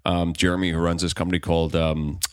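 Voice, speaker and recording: A man's voice: sits low, little pitch movement, fast talker, clean tone, no room sound. A man hosting a casual podcast from a room in a big old house, rambling, with lots of fillers and restarts. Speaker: podcast host.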